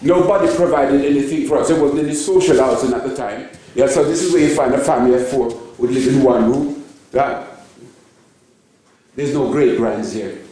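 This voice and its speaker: A man's voice: mid-range voice, moderate pace, warm tone. A man in his seventies giving a joking, chatty talk to an audience as a photographer, often checking in with "yeah?". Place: large theatre space. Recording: echoey hall, mic far off.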